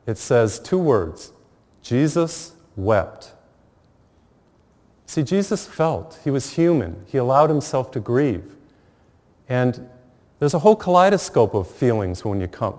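A middle-aged priest preaching in a plain, conversational way, earnest and unhurried. His voice sits at an ordinary pitch for a man. It rings with a long hall reverb. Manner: conversational, earnest, with gentle laughs. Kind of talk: sermon.

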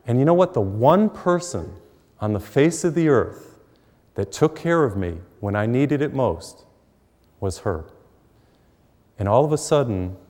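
A man's voice: lowish voice, a little mellow. Middle-aged man preaching in a reverberant hall. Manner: storytelling, emphatic, with humor. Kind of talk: sermon.

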